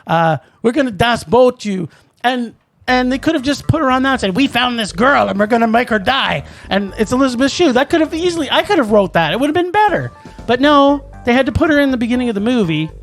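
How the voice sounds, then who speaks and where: An animated man ranting through a casual podcast film review, his pitch swinging widely as he jumps from thought to thought. Faint music sits under the talk. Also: quick pace. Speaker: podcast co-host. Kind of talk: casual movie review chat.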